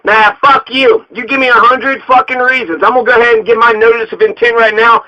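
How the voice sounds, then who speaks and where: A man's voice: very high-pitched, steady tone, fast talker, pushed and bright. A man from Colorado, a local political candidate, delivering an angry, profane political rant full of swearing. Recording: dull lo-fi recording.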